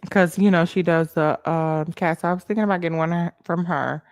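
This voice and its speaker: A young adult woman hosting a casual livestream, animated and laughing as she thanks viewers by name. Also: lowish voice, moderate pace, dry recording, clean studio sound. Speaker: livestream host.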